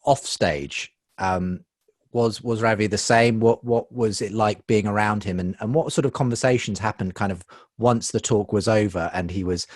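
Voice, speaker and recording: A man's voice: on the low side, normal speed, dry recording. A man hosting a podcast, asking a guest open, conversational questions. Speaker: podcast host. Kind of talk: podcast interview.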